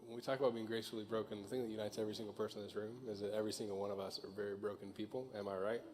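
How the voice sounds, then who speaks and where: A man's voice: fairly low pitch, level tone, rapid-fire. A young man preaching casually to a church crowd, joking and leading a prayer, with lots of fillers. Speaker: pastor. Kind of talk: informal sermon and prayer. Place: church auditorium.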